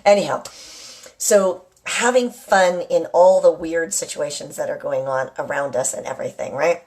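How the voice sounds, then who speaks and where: A woman's voice: low-pitched, moderate pace, a little mellow. Chatty rambling woman. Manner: chatty, rambling, often asks "right?". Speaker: live-stream host. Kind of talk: casual live chat to viewers. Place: at home with a kitchen nearby.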